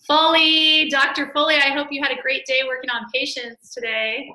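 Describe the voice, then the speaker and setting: Bright, effusive woman, webinar host reading out chat questions, slightly high voice, roomy echo. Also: normal speed, few pauses. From Texas. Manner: bubbly, effusive, reads chat questions aloud. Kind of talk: live webinar Q&A.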